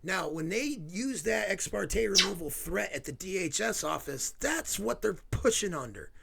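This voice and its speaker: A man's voice: high-pitched, lively intonation, normal speed, creaky, a bit bright, slightly rough. A man hosting his own video, ranting angrily with sarcastic asides and swearing. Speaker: video host. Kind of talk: angry ranting commentary.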